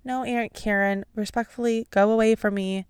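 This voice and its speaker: A woman's voice: on the high side, steady tone, normal speed, a little mellow, clean tone, no room sound, clean studio sound. A young adult woman hosting a casual solo podcast, chatty and sarcastic. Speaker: podcast host.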